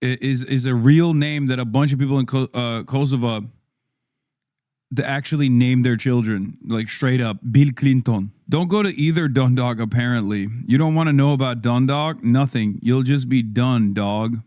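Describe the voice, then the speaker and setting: A man's voice: mid-range voice, moderate pace, a little mellow, no echo, clean studio sound. A man streaming, riffing casually with profanity and frequent laughs as he reacts to a video.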